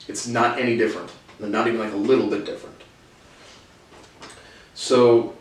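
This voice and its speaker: Blunt guy rambling solo, cussing a lot, sounds far off the mic in a really echoey room. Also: medium pitch. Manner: blunt, profane, repeats "again" and restarts. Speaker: solo commentator.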